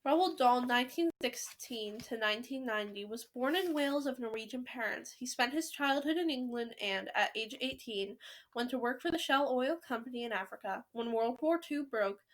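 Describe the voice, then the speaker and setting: Expressive woman reading a story aloud. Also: fairly high pitch, normal speed. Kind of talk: reading a children's novel aloud.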